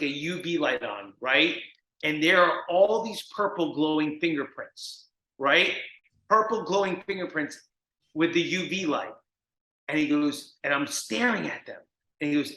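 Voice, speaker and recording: Guy from jersey telling a story on a video call, bright and a bit high, room echo. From New Jersey. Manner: animated, acts out the people in his stories. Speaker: guest, recovery mentor. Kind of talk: storytelling in an interview. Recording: echoey room.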